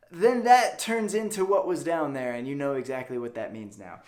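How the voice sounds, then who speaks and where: A young man giving a casual language lesson, lively and playful as he demonstrates sounds with exaggerated examples. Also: mid-range voice, moderate pace, few pauses. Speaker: French teacher.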